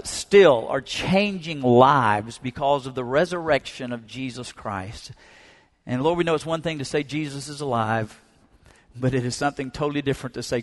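A middle-aged pastor preaching a sermon, telling stories with fervor. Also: male voice, mid-range voice. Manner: storytelling, fervent preacher. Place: church sanctuary.

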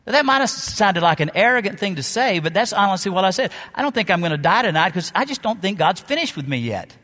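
Male pastor, middle-aged, sermon storytelling, higher pitch, echoing sanctuary. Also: very animated. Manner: storytelling, dramatic pauses, shifts loud and soft. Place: church sanctuary. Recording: long reverb of a large hall.

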